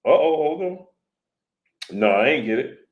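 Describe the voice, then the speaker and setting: A man hosting a live stream in loose, slangy talk, greeting viewers as "brother" and teasing the chat. His voice sits a little higher than most men's. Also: animated, unhurried, phone-quality sound. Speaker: livestream host.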